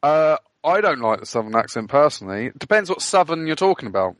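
A man from Britain trading sarcastic, blunt remarks with his co-hosts. His voice sits slightly high and sounds dry and close. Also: very animated, fast, dry recording. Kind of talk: casual podcast chat.

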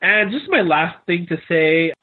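Husky, slightly high male co-host, rambling casual chat, phone-quality audio. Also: animated, unhurried. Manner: rambling, stammering restarts, frequent laughs. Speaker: podcast co-host reviewing a film. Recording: tinny phone-like line.

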